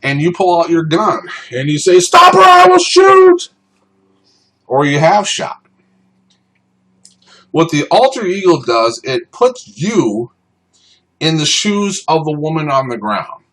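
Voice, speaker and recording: A man teaching self-defense law in an unscripted, informal way, often pausing on ums and uhs. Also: on the high side, expressive, rough recording. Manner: informal, many ums and uhs, shouts out acted commands in examples. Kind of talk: unscripted explanatory talk.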